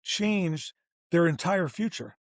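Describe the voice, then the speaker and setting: A man's voice: on the high side, slow, dry recording, clean studio sound. A man guest on a business interview show, telling a story casually and animatedly, acting out the dialogue as he goes. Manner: animated, acts out quoted dialogue, informal.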